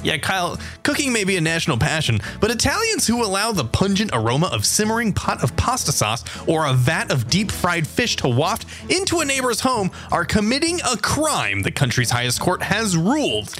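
A man's voice: high-pitched, huge pitch swings, moderate pace, hardly any pauses, a bit bright, faint music behind. Playful man reading the news. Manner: playful, reads headlines with exaggerated emphasis. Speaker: podcast co-host. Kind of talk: casual chat, reading news aloud.

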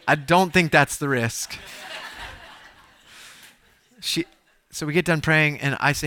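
A male pastor telling stories in a sermon, animated and self-deprecating, with bursts of loud exclamation. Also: medium pitch, a little slow, pauses often, no room sound. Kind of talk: sermon storytelling.

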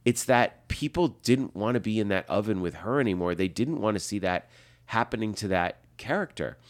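A man around fifty, a film director, telling animated anecdotes as a guest and acting out the lines he quotes. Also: lowish voice, normal speed. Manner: lively storyteller, acts out quotes, laughs often.

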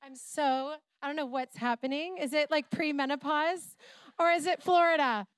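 Woman preacher in her middle years, high bright voice, dry close sound, animated sermon storytelling. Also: moderate pace, no room sound. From Canada. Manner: animated, playful storytelling with asides. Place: church.

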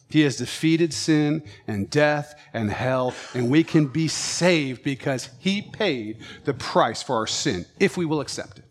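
A man preaching a sermon with passion, swinging between loud, emphatic lines and quiet, low ones. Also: expressive, moderate pace, hardly any pauses.

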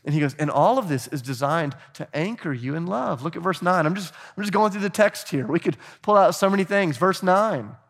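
A middle-aged man preaching a sermon as pastor, animated and urging the congregation to join in. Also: fairly high pitch, brisk, hardly any pauses.

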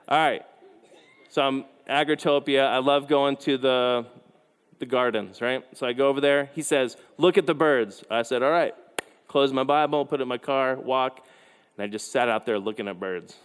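A man preaching a youth sermon, telling stories with lively, quick asides. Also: medium pitch, clean tone. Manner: animated storytelling with quick asides. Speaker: youth pastor. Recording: hall reverb.

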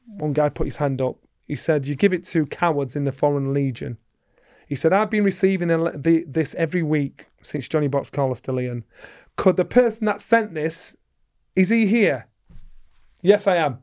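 A man's voice: fairly high pitch, moderate pace, darkish tone. A middle-aged man, a guest in an interview, who tells a long story with energy and acts out the voices of the people in it. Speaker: guest, former boxing world champion.

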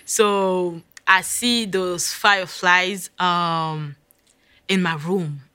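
Bright-voiced African woman telling a story. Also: fairly low pitch, fairly even intonation, very slow, clear, resonant tone, no echo, studio quality. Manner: vivid, dramatic retelling with hushed whispered asides. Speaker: guest. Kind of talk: storytelling in a conversation.

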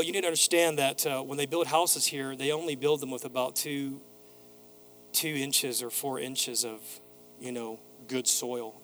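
A man's voice: mid-range voice, fairly bright tone. A man preaching a sermon as pastor, building to emphatic repeated phrases and telling a neighbor's story in a casual voice. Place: church sanctuary.

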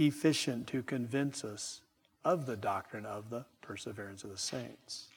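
A middle-aged man preaching a sermon with slow, emphatic delivery and chatty asides to his congregation. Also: medium pitch, breathy edge, big-room sound. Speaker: pastor.

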